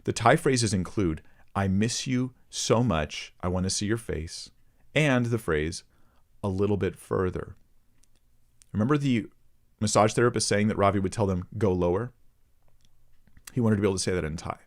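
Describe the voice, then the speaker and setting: Man, lowish voice, ministry host, reading a report aloud, earnest asides to viewers. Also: moderate pace, long pauses. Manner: earnest, addresses viewers directly. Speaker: host of a Christian ministry channel.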